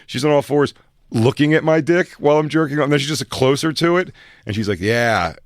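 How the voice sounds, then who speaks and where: A man on a radio studio show, telling crude anecdotes and jumping loud and high when he quotes himself. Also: brisk, no room sound.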